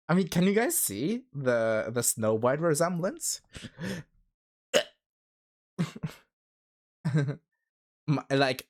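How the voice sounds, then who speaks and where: A livestreamer chatting casually with viewers, rambling with many fillers and laughing often. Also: mid-range voice. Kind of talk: casual stream chat.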